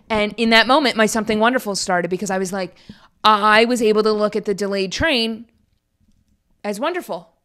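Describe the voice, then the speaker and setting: A young woman hosting her own podcast, talking casually in an upbeat, rambling way with lots of fillers. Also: medium pitch. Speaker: podcast host. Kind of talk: casual solo podcast chat.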